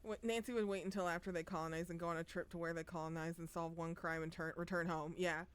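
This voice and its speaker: A woman's voice: on the low side, fairly even intonation, quick pace, smooth. A young woman streaming a game live, chatting casually with joking, profane remarks while reading the story aloud.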